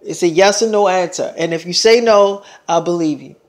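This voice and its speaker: A man's voice: sits high, normal speed. A man casually telling a rambling, profane story to his viewers, acting out both sides of a conversation. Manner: profane, rambling, acts out dialogue.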